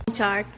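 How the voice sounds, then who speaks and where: A woman vlogging on her phone at a family home at night, chatting and laughing often. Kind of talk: casual vlog narration. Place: family house at night, evacuated. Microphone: handheld phone camera.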